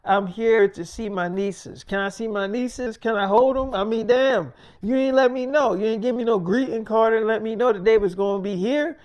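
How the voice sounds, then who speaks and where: Casting: sly, needling male devil with a pitched-up voice, put on by a man telling a story. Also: moderate pace, hardly any pauses, darkish tone, close to an everyday voice. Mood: smug. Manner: needling, sly, mock-hurt. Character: Lucifer, smug scheming male devil.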